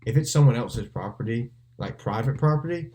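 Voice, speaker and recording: A man's voice: medium pitch, expressive, brisk, mellow. A man co-hosting a casual podcast chat, rambling and correcting himself as he steers the talk back on topic. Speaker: podcast co-host.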